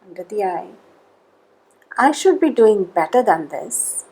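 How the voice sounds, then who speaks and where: Slow, breathy woman guiding tapping. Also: medium pitch, very animated, mellow, low-quality recording. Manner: slow, measured calls of tapping points between spoken statements. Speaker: EFT tapping guide. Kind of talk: guided tapping session.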